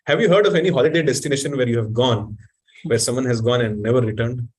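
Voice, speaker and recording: A man giving an animated sermon, questioning the audience and reciting Sanskrit verses. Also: mid-range voice, quick pace. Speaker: spiritual teacher.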